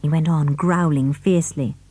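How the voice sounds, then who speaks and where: A woman narrates a children's story with expressive, animated delivery. Her voice is low and mellow. The recording is dry and close. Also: moderate pace, dry recording. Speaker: audiobook reader.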